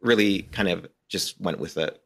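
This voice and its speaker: A man's voice: sits low, normal speed, creaky, a bit bright. A man talking casually as a guest on a podcast, hesitant at times and laughing often.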